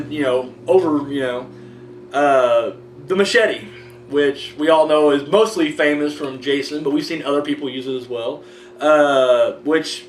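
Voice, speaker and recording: A man hosting a horror movie review show, chatting casually and rambling with lots of fillers and the odd swear word. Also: a little high. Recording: echoey room, mic at a distance, faint hum.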